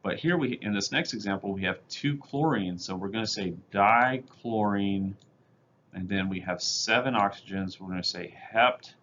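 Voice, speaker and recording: Low-voiced man giving a lo-fi lecture. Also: normal speed, a bit bright, a little hiss or hum. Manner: plain, methodical explaining with fillers. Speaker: chemistry teacher. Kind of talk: recorded lecture over slides.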